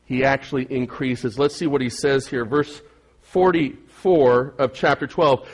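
A man's voice: mid-range voice, steady tone, unhurried, breathy edge. A middle-aged man preaching a sermon as pastor, earnest and emphatic, often repeating phrases for weight.

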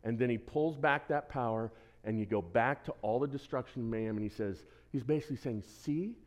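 A man preaching a sermon as pastor, lively and conversational, who quizzes the congregation and throws in joking asides. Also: mid-range voice, brisk. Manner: lively, asks the congregation questions, self-deprecating asides.

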